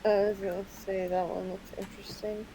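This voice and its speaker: Tentative female player, middle pitch, faint background noise. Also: little pitch movement, fairly quick, dark tone, low-quality recording. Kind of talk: casual tabletop game chat.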